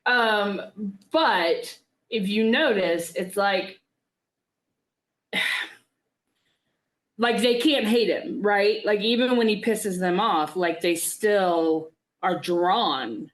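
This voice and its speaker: A woman's voice: medium pitch, drawn-out words, long pauses. A woman co-hosting a podcast who works as a teacher, rambling bluntly with lots of likes and restarts. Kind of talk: casual film discussion.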